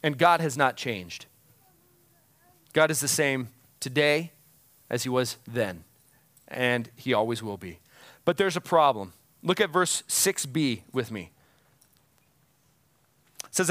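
A man's voice: medium pitch, animated, slow pace, long pauses, fairly bright tone, dry recording. A man preaching a sermon as a pastor, earnestly explaining scripture and building to emphatic peaks.

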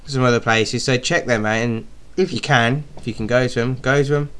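A young man from Birmingham co-hosts a casual radio podcast. He talks in a loose, easygoing way, full of fillers and restarts, at an ordinary pitch. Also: steady tone, a little fast, a bit bright. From Birmingham, England. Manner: chatty, loose, with frequent fillers. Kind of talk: casual chat.

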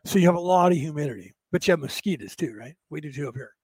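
A man's voice: a little high, expressive, racing, darkish tone, husky, no room sound. A man from California chatting casually to viewers in a folksy, rambling way, often tagging his sentences with "right?". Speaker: livestream host reading chat.

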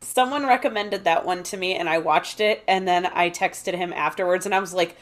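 A woman guest on a podcast, telling stories with laughter and lively quoting. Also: fairly low pitch, brisk. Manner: laughing storyteller, animated when quoting. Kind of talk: casual chat.

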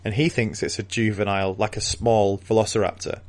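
A man with a lowish voice co-hosts a relaxed book chat. He laughs often and slips into playful quoted voices as he retells scenes. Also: brisk. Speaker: podcast co-host. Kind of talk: casual book discussion chat.

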